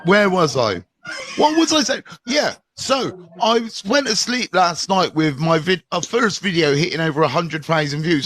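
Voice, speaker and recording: A man's voice: fairly high pitch, a bit bright, dry recording. A man hosting a live phone stream in a chatty, playful, teasing way, greeting viewers and chatting with his guests. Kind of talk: casual live-stream chat.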